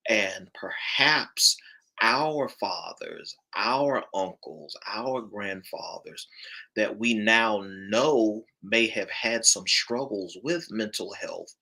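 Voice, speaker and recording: A man's voice: lowish voice, bright, forceful tone, poor audio. A man, a pastor, speaking on a panel with an emphatic, preacher-like cadence. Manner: emphatic, rising preacher-like delivery.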